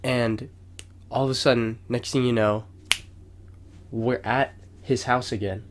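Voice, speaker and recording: A man's voice: mid-range voice, a little slow, noisy background. A young man co-hosting a podcast, telling a long story in casual chat, rambling and swearing, with raised voices when he acts out quotes. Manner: rambling, swears a lot, lively retelling with raised acted-out quotes. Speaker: podcast co-host.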